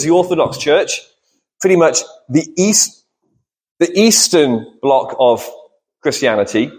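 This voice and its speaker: In a church, a man preaches a sermon to the congregation, posing questions and answering them himself. His voice is fairly high-pitched with a darkish tone.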